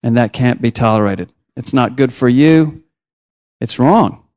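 A man preaching a sermon as a missionary, telling personal stories with lively rises and drops in pitch. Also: unhurried.

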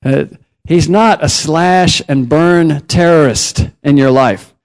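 A man preaching a sermon, his voice sitting on the high side for a man. He tells stories from his mission work and swings his pitch up and down as he goes. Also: takes it slowly. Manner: storytelling, with lively rises and drops in pitch.

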